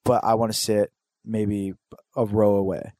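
A man's voice: lowish voice, flat delivery, a little slow, warm tone, no echo. A man chatting casually on a podcast, telling rambling stories full of swearing. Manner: profane, rambling storytelling.

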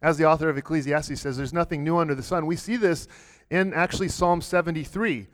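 A man's voice: fairly high pitch, a little fast. A man preaching a sermon in a church, earnest and direct, often restarting and repeating words as he builds a point. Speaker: pastor.

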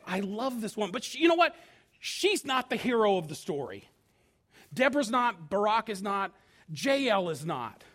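Animated, high-voiced male preacher. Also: normal speed. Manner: animated, emphatic preaching with acted quotes. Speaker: pastor. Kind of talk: sermon.

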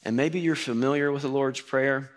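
A man's voice: medium pitch, steady tone, normal speed. A man preaching, telling a personal story in a conversational sermon style with quoted voices. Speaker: pastor.

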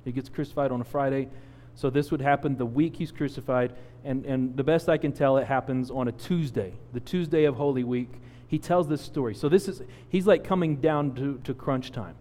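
A man in his forties preaching a sermon, telling a personal story with lively acted-out quotes. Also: mid-range voice, fairly quick, few pauses, in a large hall. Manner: animated storyteller, acts out quotes. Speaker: pastor.

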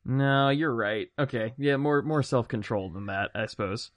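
A man's voice: mid-range voice, moderate pace, no echo. A man playing a tabletop game, chatty and rambling, amused at himself. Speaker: player. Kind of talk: casual tabletop game play.

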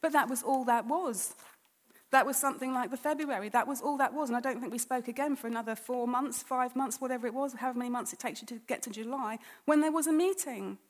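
A woman with a high voice tells her own story as a church testimony. She speaks conversationally and slips into re-enacting what she thought and said back then. Her voice rings with a long reverb, as if from a large hall. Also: fast. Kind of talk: personal testimony told as a story.

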